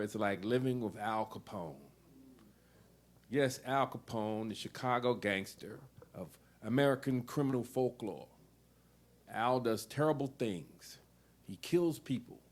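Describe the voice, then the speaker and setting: A man introducing his essay in a loose, rambling way, then reading it aloud. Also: mid-range voice. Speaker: poet and event organizer.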